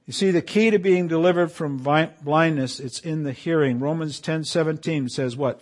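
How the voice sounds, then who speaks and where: A man preaching a sermon to his congregation, quoting scripture with emphatic swells and quiet drops. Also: on the high side, normal speed, few pauses. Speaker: pastor.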